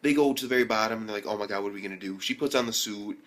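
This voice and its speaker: A young man recapping an anime episode in casual slang, excitable and full of swearing and fillers. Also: on the low side, very fast. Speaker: anime reviewer.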